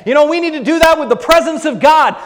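A man preaching a sermon, acting out the story as he goes and swinging between bold exclaiming and a hushed near-whisper. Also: extremely high pitch, fast talker, background noise. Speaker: pastor. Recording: long hall reverb.

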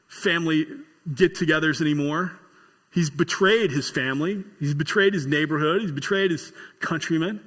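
A male pastor preaching a sermon with folksy humor and storytelling, building to excited emphasis. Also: a little high, long reverb tail.

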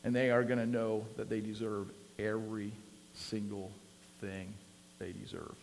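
A man's voice: lowish voice, little pitch movement, moderate pace, vocal fry, darkish tone, a little hiss or hum. Chatty preacher man in a reverberant hall. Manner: conversational, builds to emphatic peaks with frequent fillers. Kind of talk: sermon.

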